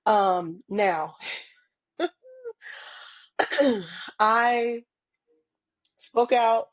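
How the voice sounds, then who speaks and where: A woman's voice: medium pitch, drawn-out words, dry recording. A woman guest on a podcast interview, talking casually and earnestly with lots of ums and small laughs. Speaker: podcast guest, parent advocate.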